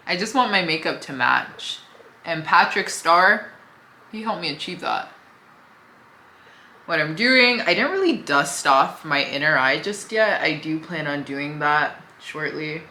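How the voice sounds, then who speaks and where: In an echoey room with a faint underlying hum, a young beauty vlogger chats through her makeup routine at a measured pace. Her voice is low yet bright and clear, animated and easygoing as she applies her makeup for this casual tutorial.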